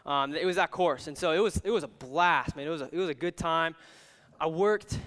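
Young male youth pastor, loose, chatty, filler-heavy delivery, smooth, high-set voice; reverberant hall. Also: fairly quick, fairly bright tone. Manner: rambling, filler-heavy, with many "like"s and restarts. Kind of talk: casual sermon with storytelling. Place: church hall. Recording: long reverb of a large hall.

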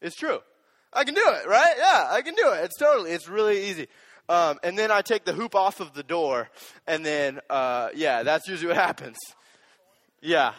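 A young man preaching a sermon as a youth pastor, animated and joking, speaking straight to the audience. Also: high voice, moderate pace, big-room sound.

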